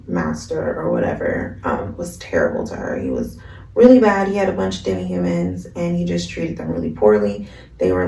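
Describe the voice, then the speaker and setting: A woman's voice: on the low side, gravelly, dark tone, far from the mic, a little hiss or hum. A woman vlogger in a slangy, chatty casual recap of an anime, recorded in an echoey room. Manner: slangy, chatty, lots of fillers.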